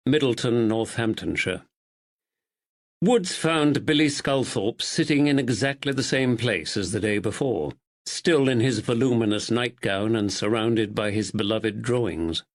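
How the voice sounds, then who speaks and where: A man reading a mystery audiobook in a measured, expressive style. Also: mid-range voice. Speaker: audiobook narrator. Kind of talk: scripted narration.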